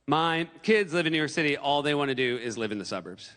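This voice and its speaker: A man in his forties from New Hampshire doing animated stand-up comedy on a theater stage. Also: a little high, fast talker, clear, resonant tone. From New Hampshire, USA. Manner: animated, breaks into yelled impressions. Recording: stage mic in a reverberant hall.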